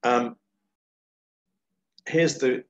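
A man giving an illustrated history lecture from his slides, with wry, unhurried commentary. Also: mid-range voice, highs cut off, a little hiss or hum.

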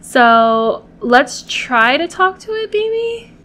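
Brief: high-pitched woman, unhurried gameplay commentary, chatty and pleading with her game characters. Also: pushed and bright, clean tone. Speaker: gameplay video host.

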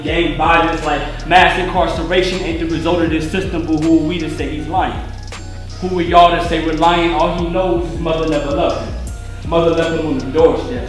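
A man giving a guest talk as a spoken word poem, reciting with rhythmic emphasis. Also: a little high. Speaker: guest speaker. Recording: echoey room with faint music.

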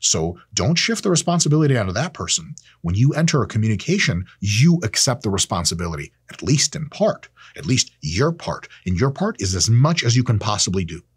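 A man's voice: on the low side, sing-song, fairly quick, hardly any pauses, husky, no echo, clean studio sound. A man in his thirties hosting a casual, profane monologue to camera, sarcastic and blunt. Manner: profane, sarcastic, acts out quoted people in silly voices. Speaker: host. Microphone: camera mic, close.

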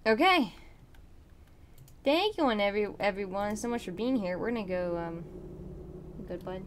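A woman's voice: medium pitch, lively intonation, normal speed, slight background noise. A young woman streaming a game, chatting casually and bubbly while tired and hiccuping, sometimes mumbling to herself. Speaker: livestreamer. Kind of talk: casual live stream chat.

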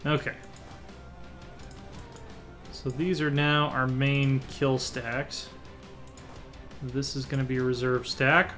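A man's voice: mid-range voice, level tone, a little slow, a bit bright, soft background music. Man thinking aloud over a strategy game. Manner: thinks aloud while clicking through menus, muttering half-finished plans. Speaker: let's play host. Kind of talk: casual gameplay commentary.

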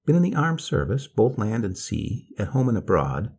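A man voicing a soft-spoken, drawling male escaped convict, polite and slow. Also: on the low side, big pitch swings, husky, voice pushed up, exaggerated voice. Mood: calm polite.

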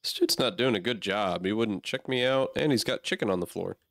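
A man's voice: fairly low pitch, fairly quick, gravelly. A man playing a horror game and talking through it aloud, easily startled and swearing often. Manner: jumpy, swears a lot, reacts aloud. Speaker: gamer.

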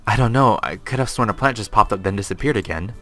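A man's voice: fairly low pitch, fast, a bit bright, soft background music, close to an everyday voice. A man voicing an earnest, sentimental young husband who loves flowers.

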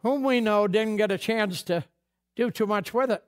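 A man's voice: high voice, moderate pace. A man preaching a sermon as pastor, folksy and conversational, acting out bits of dialogue. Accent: New England.

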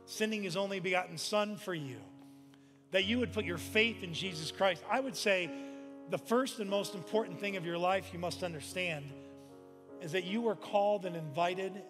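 A man with a high voice preaches a sermon, weaving family stories into an impassioned but conversational delivery. The sound carries a long hall reverb, and music plays clearly underneath. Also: normal speed. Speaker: pastor. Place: large church sanctuary.

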